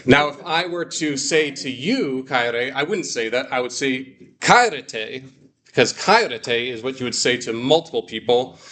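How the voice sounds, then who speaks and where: A man's voice: medium pitch, a bit bright. Patient man teaching a classroom lesson. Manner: patient, explains slowly, repeats words for students. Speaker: Greek teacher.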